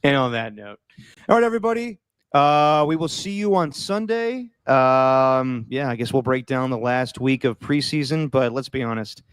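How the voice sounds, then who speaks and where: Upbeat podcast host, smooth dry voice. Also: male voice, mid-range voice, expressive, no echo. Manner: upbeat, quick run-through of thank-yous. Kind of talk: casual chat, sign-off.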